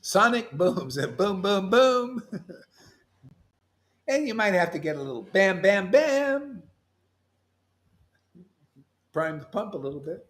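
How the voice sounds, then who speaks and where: Man, high voice, fiery mocking preacher who yells and laughs. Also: very animated, measured pace. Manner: loud and mocking, yelling at times, laughing. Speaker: spiritual teacher. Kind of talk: animated sermon.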